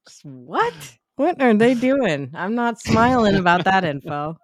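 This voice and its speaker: Laughing often and swearing freely, a young woman co-hosts a podcast in casual chat. Her mid-range voice is sing-song and a little slow, recorded without echo.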